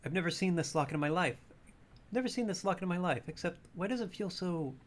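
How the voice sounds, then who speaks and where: A man voicing a sweet-voiced, evasive woman librarian in a video game, talking softly and primly. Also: high voice, expressive, fast talker, pitched above the performer's own voice. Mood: flustered. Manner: soft, prim, sugary and guarded.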